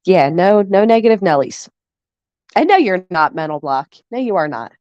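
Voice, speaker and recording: A woman in her thirties talks to her live-stream chat, blunt and profane but quick to get sentimental, getting over the flu. Her voice is close and dry, with no room sound. The audio is slightly dull. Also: on the low side, expressive, a little mellow, no room sound. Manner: candid, emotional and profane, shifts quickly between sappy and indignant. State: recovering from the flu. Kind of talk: casual live-stream chat, reading and answering chat.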